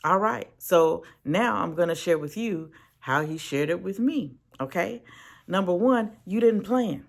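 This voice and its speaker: Animated faith-based business teacher. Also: medium pitch, a little slow, gravelly. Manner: animated, laughs often, repeats words when starting sentences; asks the viewer "right?" and "okay?" often. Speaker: Christian business owner and writer. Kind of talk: motivational teaching to camera.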